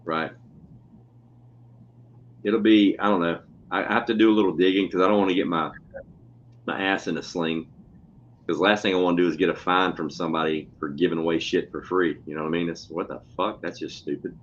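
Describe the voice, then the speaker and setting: A man's voice: sits low, fairly even intonation, fairly quick, pauses often. A man, a schoolteacher, telling stories in casual, profane, blunt chat. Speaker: podcast co-host, schoolteacher. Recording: dull lo-fi audio with faint noise.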